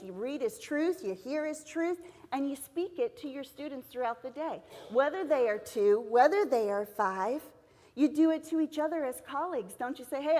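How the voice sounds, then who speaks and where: A woman's voice: high-pitched, a little mellow. A middle-aged woman giving an earnest, encouraging devotional talk to teachers at a seminar, telling a personal story. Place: church hall. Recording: long hall reverb in a church.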